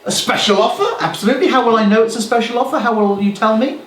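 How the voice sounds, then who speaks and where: A man giving a lively, joking business talk to a live audience and acting out customer exchanges. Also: sits high, fast, soft background music. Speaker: business speaker. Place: hall with a small audience. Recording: echoey room, from far off.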